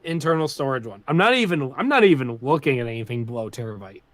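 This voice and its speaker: A man's voice: medium pitch, animated, quick pace, fairly bright tone. A man co-hosting a casual gaming podcast over an online call, arguing his point. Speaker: podcast co-host.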